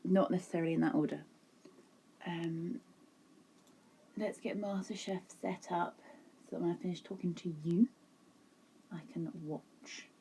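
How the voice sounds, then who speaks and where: A woman's voice: lowish voice, steady tone, unhurried, pauses often, dark tone, a little hiss or hum. A woman chatting casually to her viewers in a crafting vlog, chatty and self-mocking, sitting at home. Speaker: vlogger. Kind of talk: casual chat.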